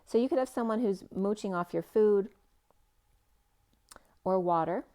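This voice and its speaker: Her medium-pitched voice has a dark tone as she works through a spiritual tarot reading. She meanders in a free-associating way, filling gaps with fillers, trailing off mid-phrase, and occasionally drawing her words out slowly.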